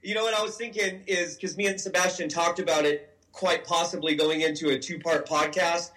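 A man's voice: fairly high pitch, fairly even intonation, brisk, bright, forceful tone, low-quality recording. A man co-hosting a podcast interview, enthusiastic as he asks questions. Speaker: podcast co-host. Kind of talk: casual interview chat.

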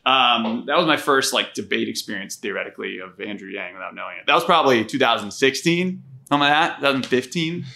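Bright-voiced man telling stories. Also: medium pitch, quick pace, creaky. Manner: animated storyteller, acts out quoted voices. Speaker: former campaign manager. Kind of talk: casual storytelling conversation.

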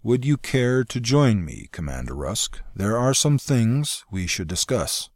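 Young prince, regal, slow formal speech, man doing it. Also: fairly low pitch, sing-song, no echo, studio quality, pitched above the performer's own voice.

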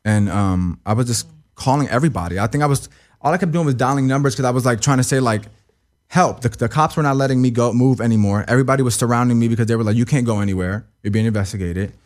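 A young man as an interview guest, talking emotionally in a halting, profane way that stumbles and repeats. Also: mid-range voice.

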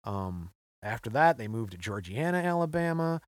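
A man's voice: mid-range voice, very animated, normal speed, no room sound, clean studio sound. A man co-hosting a podcast, retelling a story in an offhand, joking way. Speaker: podcast co-host. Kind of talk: casual chat.

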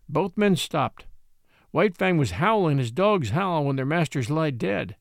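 Expressive gravelly male storyteller. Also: on the high side, unhurried, dry recording, studio quality. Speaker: audiobook narrator. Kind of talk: scripted narration of a classic novel.

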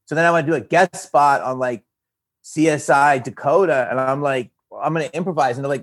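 A man with a Philadelphia accent, an actor and comedian talking casually as a guest, animated and swearing freely. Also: medium pitch, fast talker. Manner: animated, swearing, slips into a Philly voice. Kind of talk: casual interview chat.

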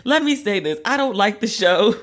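A woman's voice: medium pitch, sing-song, normal speed, fairly bright tone. A woman hosting a podcast in a casual, wry, chatty way, often breaking into laughter. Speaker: podcast host. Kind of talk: casual pop-culture commentary.

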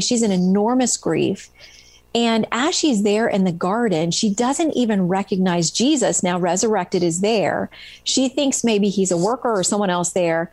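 A woman's voice: mid-range voice, normal speed, darkish tone, dry recording. A middle-aged woman, a guest author in an interview, retells stories earnestly and with animation, with plenty of "um"s, in a dry-sounding recording. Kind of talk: conversational storytelling interview.

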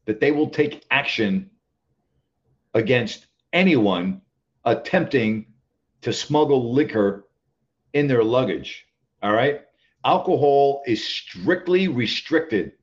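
A man's voice: mid-range voice, highs cut off. A man hosting a call-in sports talk show, talking emphatically, often repeating himself and checking in with "all right?".

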